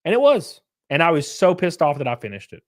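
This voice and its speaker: A man in his thirties hosting a livestream, ranting loudly and profanely in casual chat, laughing between rants. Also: a little high, very animated, a little fast. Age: 30s. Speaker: livestream host.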